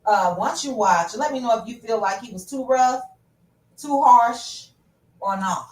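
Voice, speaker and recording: A woman's voice: on the high side, unhurried, reverberant, far from the mic, poor audio. A woman hosting a casual livestream, chatting directly with her viewers about pop culture news. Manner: chatty, talks straight to viewers. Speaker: host.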